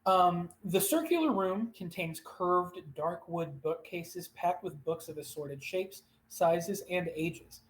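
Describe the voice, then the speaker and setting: Game master slowly describing rooms for the players, mid pitch, lots of little pauses. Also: a little hiss or hum, poor audio. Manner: unhurried descriptive reading with frequent pauses. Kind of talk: narrating a live-streamed tabletop game.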